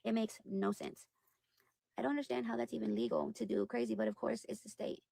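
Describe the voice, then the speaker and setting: A woman's voice: fairly high pitch, steady tone, fairly quick, vocal fry, warm tone, no echo. A woman livestreaming casual chat to her viewers, rambling and exasperated, repeating herself as she talks. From United States. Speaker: livestream host.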